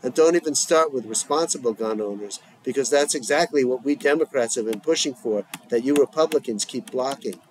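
Preachy father making his point, man reading, steady middle pitch. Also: a little fast, hardly any pauses, a little hiss or hum, natural voice, low-quality recording. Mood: arguing. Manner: argumentative, lecturing. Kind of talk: reading a script aloud.

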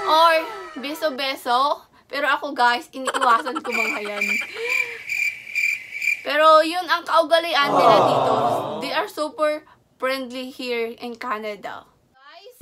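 A woman from the Philippines chatting casually in a vlog, switching between Tagalog and English. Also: high-pitched. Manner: mixes Tagalog and English, upbeat greetings. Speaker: vlogger. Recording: loud background music.

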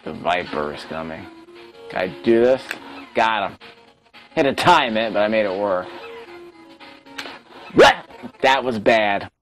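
A low-voiced man talks his way through a retro game, chatting and scolding himself as he plays. His pitch swings widely between mutters and excited outbursts, with faint game music under him. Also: normal speed, rough recording. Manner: chatty, self-critical, talks to himself while playing. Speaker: let's play host. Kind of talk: casual gameplay commentary.

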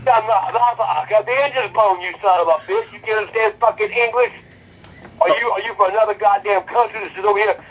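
An older man cursing and ranting furiously on a phone call, with a raspy voice. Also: high-pitched, brisk. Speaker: prank call target. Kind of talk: prank call rant.

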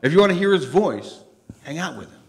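A middle-aged man preaching a conversational sermon in a church, animated and joking, swinging from loud bursts to hushed asides. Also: on the high side, fairly quick. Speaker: pastor. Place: church sanctuary.

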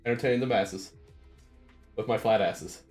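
A man's voice: fairly low pitch, normal speed, soft background music. A young man streaming, chatting casually with jokes and swearing. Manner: joking, swearing, animated banter. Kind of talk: casual livestream chat.

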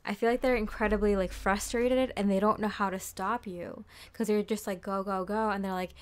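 A woman's voice: mid-range voice, steady tone, a little fast. A young woman giving a casual tarot reading, chatty and full of fillers, often acting out what people might say. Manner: chatty, lots of fillers and quoted voices. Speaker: tarot reader.

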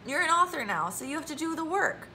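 A woman voicing a blunt, bossy young girl in a storybook reading, speaking emphatically and a little louder. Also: fairly high pitch, lively intonation, moderate pace, gravelly, slight background noise, exaggerated voice, poor audio. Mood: emphatic. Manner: emphatic and forceful.

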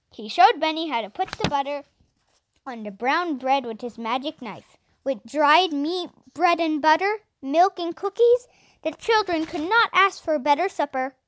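A woman reading a children's storybook aloud to kids in a gentle, expressive way. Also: high voice, moderate pace, no echo. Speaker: children's audiobook reader.

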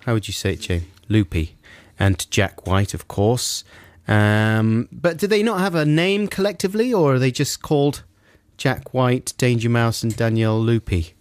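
A man's voice: mid-range voice, normal speed, no echo. A man co-hosting a radio show, joking around and introducing songs in a bouncy, laughing manner. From England. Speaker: radio co-host. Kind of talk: casual radio banter, introducing music. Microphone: studio microphone.

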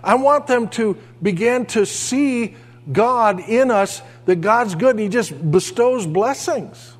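An older man preaching a sermon as a pastor, telling homey stories with animated asides. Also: high voice, slow pace, big-room sound. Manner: folksy storytelling, animated asides. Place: church sanctuary.

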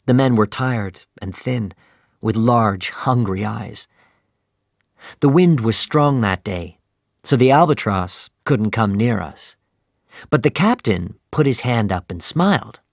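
A man reading a story aloud in slow, clear, deliberate narration for language learners. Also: lowish voice, lively intonation, no room sound, clean studio sound.

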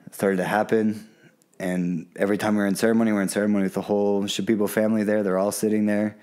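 Podcast guest, male, very low voice, earnest storyteller. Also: flat delivery, fast talker, darkish tone. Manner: candid, earnest, acts out quoted voices. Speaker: podcast guest, plant medicine guide. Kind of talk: casual storytelling in an interview.

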